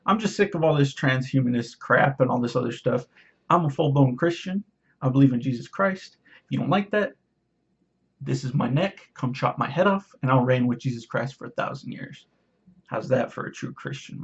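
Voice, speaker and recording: A man vlogging, ranting to camera in a sarcastic, preachy way, with a husky voice. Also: mid-range voice, dull audio. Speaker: YouTuber. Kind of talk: casual rant to camera.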